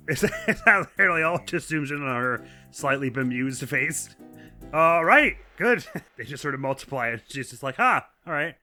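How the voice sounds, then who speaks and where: A young man with a bright, forceful voice talks through a video game in loose, chatty commentary. He is self-deprecating and laughs often, over faint game music. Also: mid-range voice, animated, moderate pace. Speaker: let's play host. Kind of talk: casual gameplay commentary.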